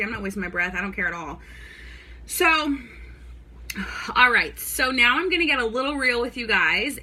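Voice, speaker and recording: A young woman vlogger tells her own story straight to camera, chatty and rambling, sprinkling in plenty of "like" and "y'all." Her medium-pitched voice is bright and forceful with a breathy edge.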